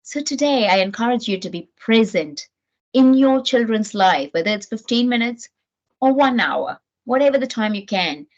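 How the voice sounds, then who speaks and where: Middle-aged woman, parenting speaker from New Zealand: earnest, animated delivery, fairly high voice, slightly muffled recording. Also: moderate pace. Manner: earnest, animated, with frequent restarts. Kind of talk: motivational talk to camera. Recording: dull lo-fi sound.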